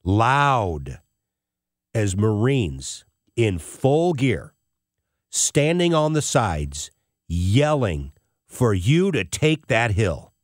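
A man's voice: lowish voice, very animated, very slow, dry recording, clean studio sound. A middle-aged man hosting a show, telling a personal story in an emotional, tearful way. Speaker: host.

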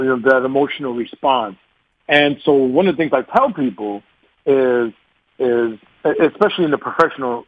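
A man in his forties with a New York accent is a guest on the radio, speaking in a casual, animated way during interview talk. He laughs often and repeats words as he restarts. His voice is mid-range, and the dry, dull, muffled radio sound has no room sound.

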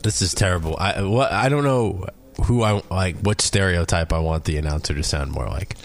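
A man's voice: low-pitched, moderate pace. A man co-hosting a sports radio show who makes wry, joking remarks. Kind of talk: casual radio chat.

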